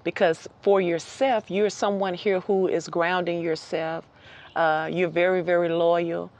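A woman giving a casual outdoor tarot reading, lively and chatty, laughing often and repeating phrases for emphasis. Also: lowish voice, a little slow. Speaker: tarot reader.

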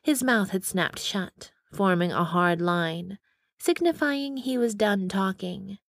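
A woman narrating a first-person romance audiobook in steady storytelling on a close studio mic. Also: medium pitch, slow, dry recording. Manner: steady storytelling with dialogue voices.

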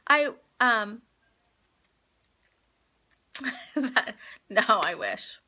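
A woman's voice: a little high, lively intonation, very slow, pauses often, bright, forceful tone, slightly rough. A woman hosting a live phone stream, chatting heartfelt and rambling with viewers as she announces giveaway winners. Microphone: phone livestream.

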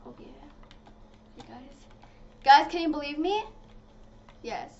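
A woman giving casual, excitable commentary while playing a video game, talking to her viewers. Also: sits high, a little slow. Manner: chatty and excitable, talks to viewers as "guys". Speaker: gaming channel host. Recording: slightly dull lo-fi audio with faint noise.

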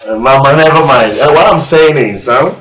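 A man's voice: mid-range voice, a bit bright, close to an everyday voice. An actor playing a boastful man back from America who mangles American talk in a comedy film. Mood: bragging. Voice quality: laughing, bragging, halting fake-American speech. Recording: echoey, distant, faint music.

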